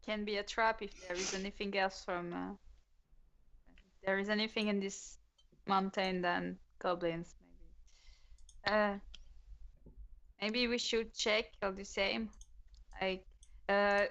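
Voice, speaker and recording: A woman's voice: medium pitch, steady tone, slow pace, long pauses, fairly bright tone. A woman playing in a tabletop game, working through her character's moves in a hesitant, thoughtful way. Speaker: player. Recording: dull lo-fi audio.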